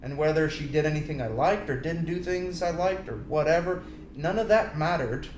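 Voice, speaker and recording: Man, high voice, animated, preachy personal talk, echoey room. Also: moderate pace. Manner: animated storytelling, acts out voices and sings snippets. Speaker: Christian speaker. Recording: roomy echo, faint background noise.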